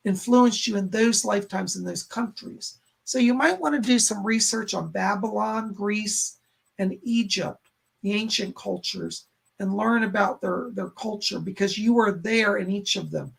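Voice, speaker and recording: Male psychic host on a live stream, gravelly and breathy, chatty while relaying messages to viewers. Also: high voice, a bit bright. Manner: relays spirit messages and thanks donors by name, conversational.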